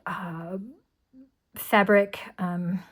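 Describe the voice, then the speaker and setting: A woman casually showing tarot decks, chatty and rambling with many ums and restarts, often dropping to a soft murmur. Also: on the low side, level tone, drawn-out words. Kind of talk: casual show-and-tell.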